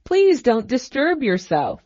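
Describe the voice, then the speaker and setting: A woman's voice: a little high, huge pitch swings, takes it slowly, a little mellow, no room sound, highs cut off, heavily acted. A woman voicing a crafty, fussy middle-aged male magistrate who talks in a cackling, ingratiating way.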